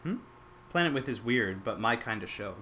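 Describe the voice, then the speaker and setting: A man's voice: mid-range voice, lively intonation, normal speed, bright, forceful tone, a little hiss or hum. A young man streaming live, rambling casually as he reacts to his chat and to videos, with lots of "like" and restarts.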